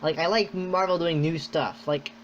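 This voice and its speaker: A man hosting a podcast in casual chat, rambling and excitable, full of "like". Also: on the high side, moderate pace, slight background noise. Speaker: podcast host. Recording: dull lo-fi sound.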